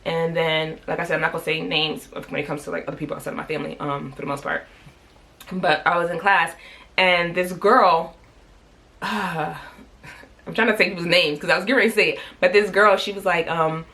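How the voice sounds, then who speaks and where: Fast, bright-voiced woman vlogger, candid and profane. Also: deep voice. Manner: candid, profane, heated retelling. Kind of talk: casual storytelling to camera.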